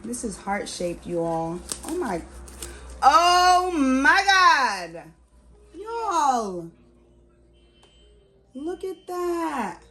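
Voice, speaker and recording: A woman gushing through a gift unboxing at home, exclaiming and repeating herself. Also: fairly high pitch. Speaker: vlogger. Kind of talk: unboxing vlog.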